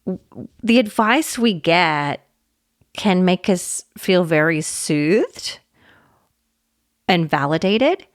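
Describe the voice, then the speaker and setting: Woman podcast host, slow easy pace, gentle and reflective, dry close sound. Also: lowish voice, lively intonation, no room sound. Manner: warm, gentle, reflective, laughs often. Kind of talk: solo podcast talk.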